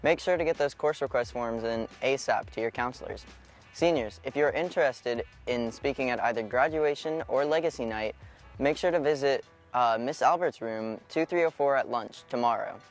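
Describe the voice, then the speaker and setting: A teenage boy reading sports and school announcements from a script in a plain, even voice. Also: medium pitch, moderate pace, soft background music. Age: teens. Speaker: sports reporter.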